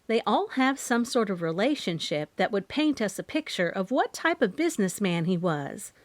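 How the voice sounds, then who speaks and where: A woman narrating a first-person audiobook with a lively, animated pitch. The recording is dry and close, with expressive storytelling. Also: normal speed, no echo.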